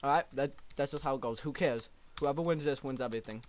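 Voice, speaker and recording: A young man chatting with friends while racing in a video game, laughing a lot and loudly outraged when he loses. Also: medium pitch, fast. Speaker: gamer host. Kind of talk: casual gaming chat with friends.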